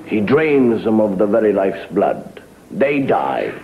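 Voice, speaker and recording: Man spinning a creepy funny yarn, whispery then booming, gravelly, old hissy tv sound. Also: big pitch swings, takes it slowly. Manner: dramatic, hushed spooky delivery with sudden swells. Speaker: comedian storyteller. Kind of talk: comic storytelling to an audience. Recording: dull hissy old TV recording.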